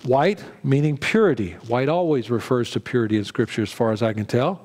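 Middle-aged male pastor, mid-pitched voice, chatty sermon full of ums and restarts. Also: fairly quick, darkish tone. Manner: conversational preaching with frequent fillers, restarts and "right?" asides.

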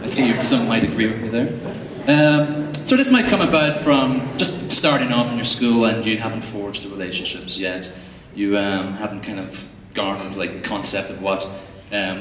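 A man's voice: lowish voice, a bit bright, slight background noise. Joking Irish man in an echoey hall. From Ireland. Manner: jokey, chatty, lots of fillers. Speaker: conference speaker, tech coach. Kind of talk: humorous conference talk. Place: large hall before an audience. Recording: echoey hall recording from far off.

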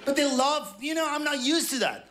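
A man from France with a French accent, performing a stand-up comedy set with a halting, self-deprecating delivery and playful acted quotes. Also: very high voice, a loud crowd, heavy background noise. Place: large theatre before a live audience. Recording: stage mic over loud audience laughter.

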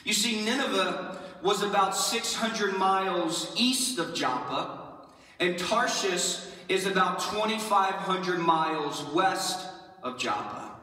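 A high, bright male voice preaching in a relaxed, lively way, slipping into playful quoted voices as he goes. He sounds distant from the mic, and the church hall gives every phrase a long, ringing reverb. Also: takes it slowly. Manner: casual, animated preaching, acting out quoted lines. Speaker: pastor. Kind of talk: sermon. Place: church sanctuary. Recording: echoey church hall from far off.

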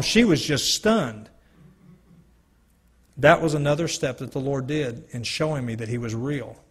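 A man's voice: mid-range voice, breathy edge. A man giving an earnest personal testimony to a gathering, telling a story with quoted dialogue. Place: church hall or meeting room. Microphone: handheld or stand mic, sometimes stepping away.

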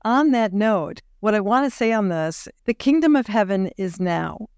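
A woman hosting a podcast interview, speaking in a reflective, measured way as she thinks aloud. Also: mid-range voice, lively intonation, a little mellow, no room sound, clean studio sound. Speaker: podcast host.

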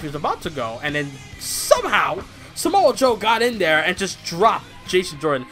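Rambling guy hyped about wrestling, high bright voice, swears a bit. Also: moderate pace, faint music behind. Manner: rambling, excitable, swears casually. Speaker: wrestling show reviewer. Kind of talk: casual commentary vlog.

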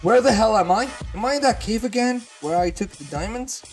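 A gamer giving gameplay commentary, excitable, swearing often and repeating words in panicked bursts. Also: medium pitch, a little fast, faint music behind. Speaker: gamer hosting a let's-play channel.

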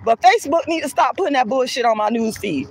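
Talking fast in a high-pitched voice with lively intonation, a colorism activist delivers a heated, scornful rant to camera outdoors, swearing throughout. Some hiss or hum can be heard.

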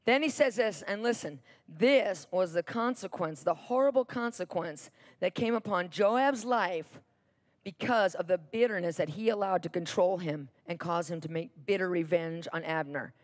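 A woman preacher retelling a Bible story in a sermon, animated and repetitive for emphasis. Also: lowish voice, normal speed.

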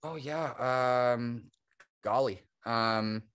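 A man talking as a guest on an interview podcast, telling stories from his work as a stop motion animator. His delivery is loose and rambling, with a middling pitch and frequent laughs. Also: extremely slow, a bit bright, clear, resonant tone. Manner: long-winded, chatty, laughs often. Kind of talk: casual interview chat.

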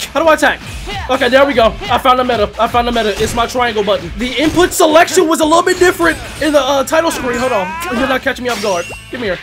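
A man with a high, lively voice rattles off slang-filled commentary while he plays a fighting game. He jumps from loud outbursts to laughter, his pitch swinging constantly. Bouncy game music plays loudly behind him. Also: quick pace. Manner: excitable, shouting and laughing, heavy slang. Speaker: gaming YouTuber. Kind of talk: excited gameplay commentary.

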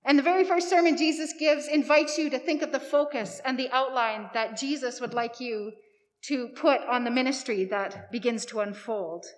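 A woman's voice: high voice, normal speed, long reverb tail. A woman pastor giving a sermon in a conversational, lightly humorous way. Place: church sanctuary.

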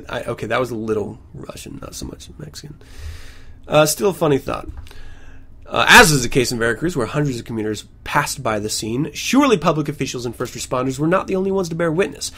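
A man's voice: mid-range voice, animated, a little fast, sharp tone, slightly rough. A man hosting a podcast at home, reading news stories aloud and breaking off into sarcastic, ranting asides. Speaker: podcast host.

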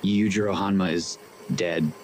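A man's voice: sits low, steady tone, a little slow, a little mellow, faint music behind. A man voicing a nervous young man in a fan animation, alarmed and full of questions.

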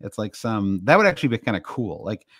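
A man with a Midwestern American accent talks in a casual podcast chat, rambling through fillers and restarts. His voice sits a little low. The sound is dry and close, with no room around it. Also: sing-song, quick pace, a bit bright, slightly rough, no echo. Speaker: podcast co-host.

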